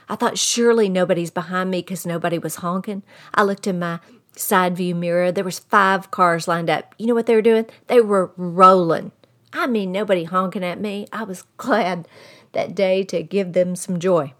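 A middle-aged woman with a Texan accent, a grandmother and podcast host, telling a folksy story straight to her listeners in an animated way. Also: lowish voice. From Texas. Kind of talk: storytelling monologue.

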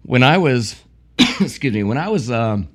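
A man's voice: medium pitch, animated, normal speed. An older man from Ohio, telling stories in casual chat with lots of laughing and swearing. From Ohio, USA. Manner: laughs a lot while telling stories, swears, restarts often. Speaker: podcast co-host.

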